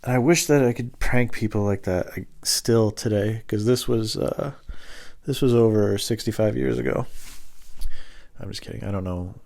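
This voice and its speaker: Young man, fairly low voice, rambling, self-mocking, casual swearing. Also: normal speed, vocal fry, a little mellow. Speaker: host.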